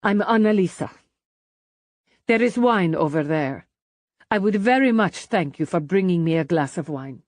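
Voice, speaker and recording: A poised middle-aged restaurant owner with a faint Italian accent, played by a woman narrator. She speaks in gracious, formal phrases with a lively rise and fall, in a dry, close studio read. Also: on the low side, moderate pace, long pauses, no echo, close to an everyday voice. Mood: shaken. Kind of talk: audiobook character voice.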